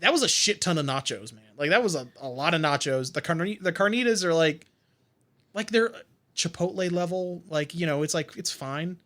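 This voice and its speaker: Rambling, bright-voiced young man. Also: fairly high pitch, moderate pace. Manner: rambling, animated, profane, many fillers. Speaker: podcast co-host. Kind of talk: casual chat.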